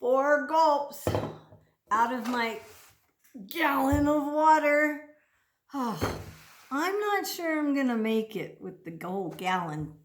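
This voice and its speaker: A woman leads a children's speech lesson in a high, bouncy voice that swoops all over the place. She talks slowly and plays it up for young listeners. The room around her sounds roomy and echoey. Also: lively intonation. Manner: sing-song, exaggerated and playful, speaking slowly to children.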